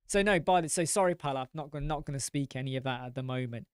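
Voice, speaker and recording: Male host, smooth dry close-mic voice, blunt ranting live-chat style. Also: a little high, lively intonation, moderate pace, pauses often, no room sound. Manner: blunt, rambling, swears. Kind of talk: casual live-stream chat.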